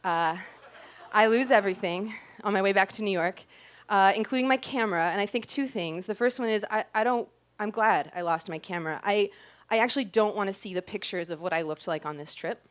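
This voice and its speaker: A woman's voice: medium pitch, brisk. A woman telling a personal story on a club stage into a stage microphone, chatty and self-deprecating, with frequent ums and likes. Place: stage of a small club before a live audience.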